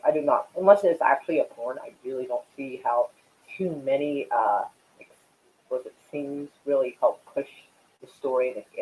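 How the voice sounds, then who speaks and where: A man's voice: mid-range voice, narrow, tinny audio, slight background noise. A man hosting a casual live stream and chatting with viewers, rambling and swearing while he smokes. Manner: rambling and profane, many fillers; smoking while talking.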